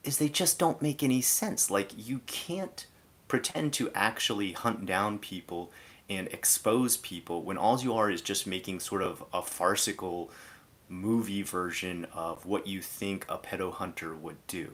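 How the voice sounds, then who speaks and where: A man's voice: deep voice, normal speed, a bit bright. A man streaming live, giving a casual, exasperated commentary rant that is full of "like" fillers.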